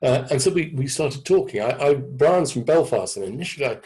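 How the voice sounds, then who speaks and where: An English man in his sixties telling his story thoughtfully over a video call, halting with many restarts. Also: mid-range voice, expressive, darkish tone, poor audio. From England. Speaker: guest speaker. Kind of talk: reflective storytelling talk. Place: indoor room with a door behind.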